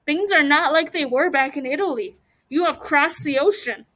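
A woman voicing a man working as an interpreter, calm and matter-of-fact as he explains. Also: high voice, moderate pace.

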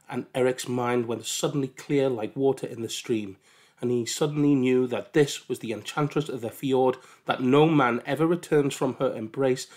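Male storyteller, calm measured storybook read-aloud. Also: mid-range voice.

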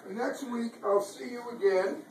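A man's voice: extremely high pitch, fairly even intonation, a little slow. A man reading a picture book aloud to small children in a preschool classroom, quizzing them and encouraging their answers. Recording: roomy, distant, noisy classroom sound.

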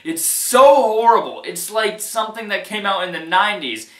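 A man with a high, bright, forceful voice rants casually about a film, exasperated and emphatic, hammering the same points and laughing along the way. He sounds like he is in an echoey room. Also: expressive, normal speed. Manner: exasperated, emphatic, repeats himself, laughs often. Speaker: movie reviewer. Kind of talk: casual movie rant.

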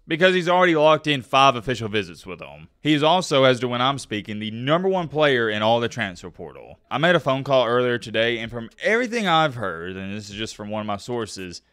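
A man hosting a casual sports commentary vlog, talking fast and animated, with sudden loud bursts. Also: mid-range voice, dry recording, clean studio sound.

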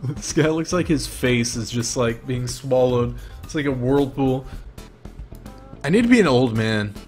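A man streaming a life-simulation game, commentating casually and jokingly, with sudden excited outbursts. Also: mid-range voice, a little slow, faint music behind.

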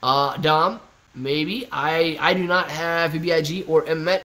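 A man's voice: fairly high pitch, unhurried, bright, forceful tone. A man hosting a casual live stream, reading viewer comments and bantering playfully with them. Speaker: livestream host reading chat.

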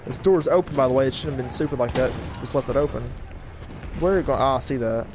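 A man giving casual gameplay commentary, talking fast with jumbled words, frequent stutters and restarts. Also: medium pitch, noisy background. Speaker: gaming channel host. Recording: loud gunfire and battle game sounds behind. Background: shooter game audio with gunfire and vehicles.

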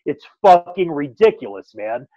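A man ranting and cursing his way through a casual podcast chat. His voice sits a little high. The sound is dry and a bit muffled. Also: big pitch swings, moderate pace, dry recording. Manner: emphatic, ranting, heavy swearing. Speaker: podcast co-host.

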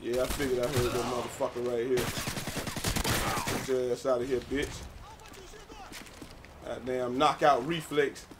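A young man giving casual, profane gameplay commentary with a friend, excitable and breaking into sudden yells. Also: mid-range voice, unhurried, long pauses, heavy background noise. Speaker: gamer playing with a friend. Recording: game gunfire and explosions loud behind voice.

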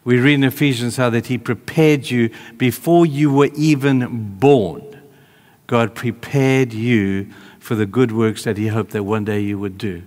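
A male preacher delivering a sermon, telling a story in an animated way, moving between hushed and raised delivery. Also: medium pitch, a little slow, long reverb tail.

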